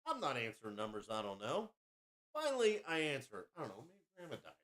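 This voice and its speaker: Male podcast host, boastful and crude, lively pitch swings. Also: fairly quick. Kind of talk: casual storytelling.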